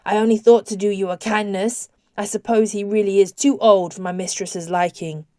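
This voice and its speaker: Woman voicing a gravelly slimy lake creature. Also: steady tone, moderate pace, dark tone, no room sound, lightly acted. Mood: sly, bargaining. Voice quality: deep gravelly voice. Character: small slimy male lake creature, cold and callous. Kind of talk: audiobook character voice.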